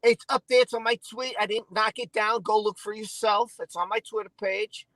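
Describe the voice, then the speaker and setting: A man hosting a casual stream, venting in an emotional, halting, repetitive way. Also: sits high, steady tone, a bit bright, no room sound, poor audio. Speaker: channel host.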